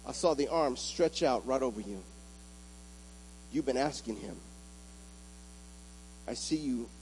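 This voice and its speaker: A man preaching a sermon in a church, building from quiet talk to loud, rising preaching. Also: medium pitch, slight background noise, low-quality recording. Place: church with an altar.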